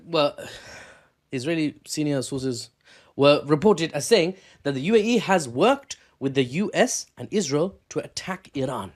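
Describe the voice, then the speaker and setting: Male news commentator, animated and sarcastic, lively pitch. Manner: animated, sarcastic, rambling with self-corrections.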